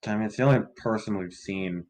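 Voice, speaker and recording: A man's voice: fairly low pitch, fairly quick, a little mellow. A man playing in a tabletop game, talking casually and hesitantly with fillers. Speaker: player.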